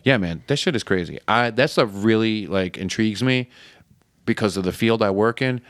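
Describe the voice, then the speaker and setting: A man's voice: on the low side, normal speed, dry recording, studio quality. A man from Connecticut, a rapper, chatting laid-back as a podcast guest and swearing freely. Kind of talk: casual chat.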